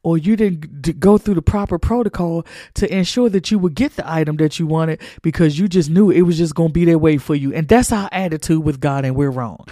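A man with a notably high, mellow voice preaches to his listeners in a dry, close-miked sound. He talks in a colloquial, emphatic way, repeating phrases for effect. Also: brisk, few pauses, dry recording. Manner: emphatic, colloquial, repetitive street-preacher cadence. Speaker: podcast host. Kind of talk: preaching monologue.

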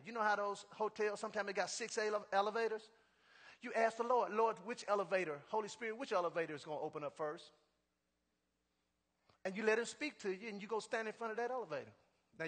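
A male pastor preaching a sermon, stressing his points with repeated refrains and building to shouts. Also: high voice, in a large hall.

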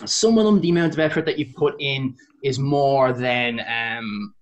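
A man telling his story as a podcast guest, loose and animated. He rambles, restarts his sentences and scatters "like" through every thought. His voice sits at an everyday male pitch. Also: normal speed. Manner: animated, rambling, self-correcting, lots of "like". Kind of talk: casual storytelling.

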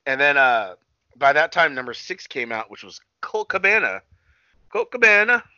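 A man rambles through a loose, profane recap, stumbling over fillers and restarts. His voice is bright and forward. The sound is dry and a little dull, as if from a modest home mic. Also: medium pitch, big pitch swings, normal speed, dry recording. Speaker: podcast co-host recapping wrestling. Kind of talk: casual chat.

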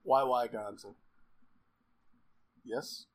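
A man in casual chat, rambling excitedly with frequent laughs and fillers. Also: medium pitch, extremely slow, slightly rough.

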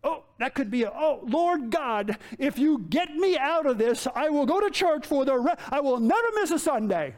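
Guy acting out a panicky prophet begging god, high voice, bargaining fast. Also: animated. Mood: frantic pleading. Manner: frantic, bargaining, rising pitch.

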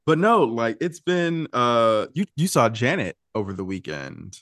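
A man co-hosting a casual pop culture podcast, talking in an animated, gossipy way with quick asides and laughs. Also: mid-range voice, dry recording, studio quality. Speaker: podcast co-host.

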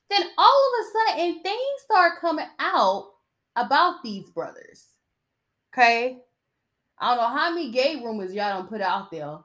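A young woman talks alone on her own podcast in a relaxed monologue. Her delivery is soft and low-key, broken up by blunt, opinionated asides full of slang.

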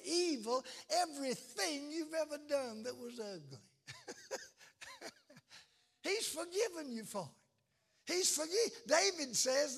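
A man preaching a sermon, shouting and chanting phrases in a slow, drawn-out, impassioned way. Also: very high voice, gravelly. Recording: echoey hall.

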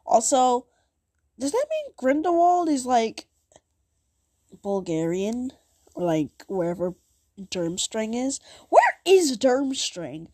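A woman's voice: on the high side, huge pitch swings, slow, long pauses, warm tone, no room sound, studio quality. A woman hosting a podcast in a casual, self-mocking, rambling way. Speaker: podcast host.

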